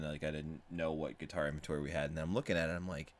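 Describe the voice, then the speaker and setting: A man in a casual podcast chat, telling rambling, animated stories with frequent swearing. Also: rumbling low, rapid-fire, hardly any pauses. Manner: rambling, animated, profane storytelling. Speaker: podcast participant, musician.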